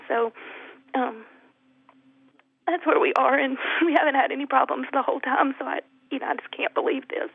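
A woman calling in to a radio show, speaking softly and haltingly with many pauses. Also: high-pitched, creaky, no room sound. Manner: soft, halting, many ums. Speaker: caller. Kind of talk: emotional phone-in call. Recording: tinny phone line.

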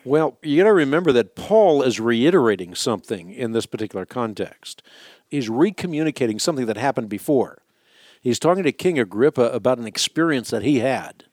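A man hosting a call-in radio show, explaining Bible questions to callers in a measured, teacherly way. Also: medium pitch, expressive, darkish tone, no echo, clean studio sound.

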